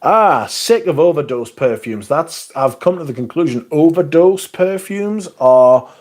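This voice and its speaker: A man with a somewhat raised, husky voice that swings widely in pitch. He hosts a livestream and chats loosely, reading comments aloud and answering them bluntly, with swearing and dry sarcasm. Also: lively intonation, measured pace, a little mellow. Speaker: livestream host.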